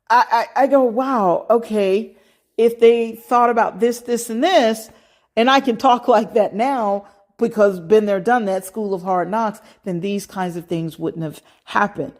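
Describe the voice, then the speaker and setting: A middle-aged American woman hosting a podcast, giving advice in a casual monologue, emphatic and punctuated with frequent "okay" asides. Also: on the high side. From United States. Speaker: podcast host.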